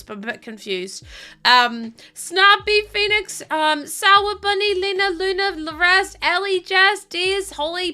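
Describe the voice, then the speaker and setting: A woman's voice: high voice, pushed and bright. A young woman streaming live, chatting casually and giggling as she thanks viewers by name. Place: home, indoors.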